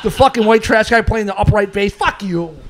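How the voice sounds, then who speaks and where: A man's voice: high voice, little pitch movement, fast, a bit bright, faint music behind. A man co-hosting a casual podcast, ranting, swearing and laughing as he talks. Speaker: podcast co-host. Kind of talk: casual profane podcast banter. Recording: noisy podcast recording.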